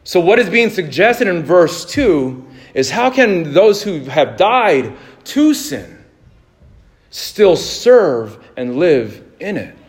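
A pastor in his thirties delivers a sermon in a high-pitched, very animated voice at a slow pace. He's casual and conversational, telling anecdotes, laughing easily, and restarting his sentences many times.

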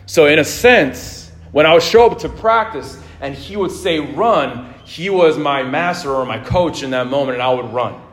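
This man's voice is on the high side and a bit bright, with lively intonation, a moderate pace, and hardly any pauses. He's a pastor in his thirties preaching in a relaxed, story-driven way, quick to laugh and prone to frequent restarts.

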